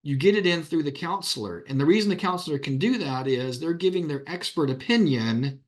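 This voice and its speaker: A man's voice: fairly high pitch, brisk. A man, an attorney, giving a conference talk in a plain-spoken way, acting out the questions he puts to witnesses.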